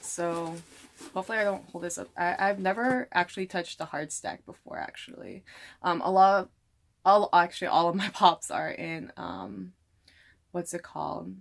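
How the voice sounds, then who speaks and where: A woman's voice: fairly low pitch, moderate pace, creaky. Chatty young woman rambling through an unboxing. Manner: rambling with many fillers. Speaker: vlogger. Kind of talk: casual unboxing vlog.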